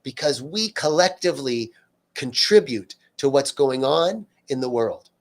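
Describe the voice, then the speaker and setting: A man's voice: medium pitch, expressive, measured pace. An earnest man leads a live-streamed spiritual talk in a mid-range voice. He speaks off the cuff, restarting phrases and stacking repeated words for emphasis as he answers viewers. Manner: loose and unscripted, frequent fillers and restarts.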